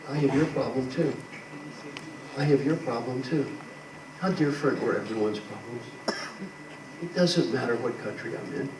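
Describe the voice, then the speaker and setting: Man coaching a crowd in an echoey hall. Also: medium pitch. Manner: animated, acts out quotes, rhetorical questions to the crowd. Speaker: leadership coach speaking to an audience. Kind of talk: motivational talk. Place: large hall with a live audience. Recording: echoey hall, far from the mic, noisy.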